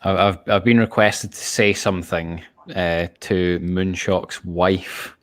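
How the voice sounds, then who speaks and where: A man's voice: low voice, flat delivery, takes it slowly, dry recording. A man with a Scottish accent, chatting bluntly and casually on a podcast with plenty of swearing. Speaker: podcast co-host. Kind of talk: casual chat.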